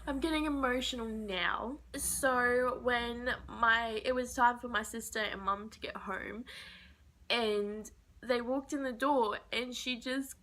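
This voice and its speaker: Tearful young woman with a bright voice. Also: on the high side, fairly even intonation, takes it slowly. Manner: tearful, emotional, voice breaking into whispers. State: crying. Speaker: vlogger. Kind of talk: personal storytelling vlog.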